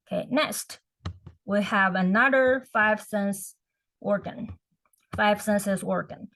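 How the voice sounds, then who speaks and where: A woman's voice: medium pitch, fairly bright tone, poor audio. A woman teaching a beginner class, explaining patiently and repeating each word for practice. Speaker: Chinese language teacher. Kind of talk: beginner language lesson.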